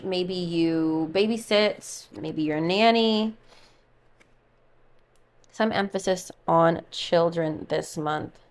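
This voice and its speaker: A woman's voice: mid-range voice, slow. A woman doing a casual tarot reading for her channel, musing aloud and chatting while she pulls cards. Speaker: tarot reader.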